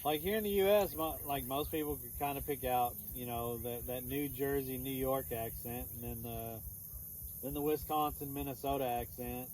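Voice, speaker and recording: A man's voice: medium pitch, fairly even intonation, moderate pace, a little mellow, a little hiss or hum, poor audio. Easygoing Texan man chatting outdoors. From Texas. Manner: rambling, easygoing, with many restarts. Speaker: streamer answering chat. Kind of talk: casual chat. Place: outdoors in the countryside. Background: crickets and insects chirping faintly.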